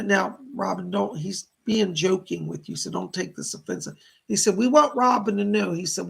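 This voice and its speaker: Psychic guy on a live stream, super gravelly voice, gets all excited greeting viewers. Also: high voice. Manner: excited greetings, relays spirit messages. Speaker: psychic medium host. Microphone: streaming from a computer.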